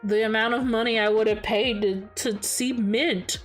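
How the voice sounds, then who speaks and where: A woman VTuber streamer chatting casually, animated and tipsy, gushing like a fangirl and swearing freely. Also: a little high, normal speed, faint music behind. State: tired and a little tipsy.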